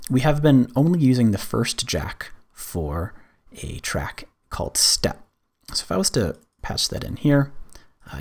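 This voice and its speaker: A man presenting a screen-recorded music software tutorial, explaining step by step in a relaxed way with frequent fillers. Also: lowish voice, slightly rough.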